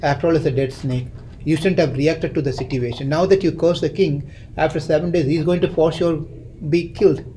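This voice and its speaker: A man's voice: fairly high pitch, fairly even intonation, a little fast, mellow, slight background noise, close to an everyday voice, low-quality recording. A man voicing an elderly sage who scolds his son in a reproachful, lecturing way.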